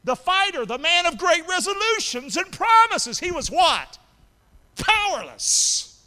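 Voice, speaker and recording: A middle-aged man preaching a sermon as pastor, calling out questions to his congregation and rising to shouts. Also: extremely high pitch, big pitch swings, a little slow. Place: church sanctuary. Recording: long hall reverb.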